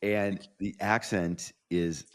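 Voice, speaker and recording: A man's voice: low voice, fairly even intonation, slow. A man hosting a podcast interview, talking enthusiastically and effusively, often restarting his phrases. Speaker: podcast host.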